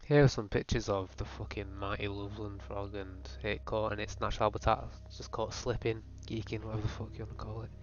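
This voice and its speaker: Young man, low flat voice, deadpan profane rant, dull lo-fi sound with faint music under it. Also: brisk, few pauses. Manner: profane, rambling, deadpan mock-earnest. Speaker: comedy video host. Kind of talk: mock-serious comedic rant over pictures.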